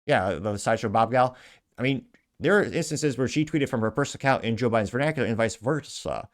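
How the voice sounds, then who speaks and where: A man's voice: medium pitch, animated, fast talker. A man hosting a casual commentary show, reading viewer comments aloud with a sarcastic edge. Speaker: show host.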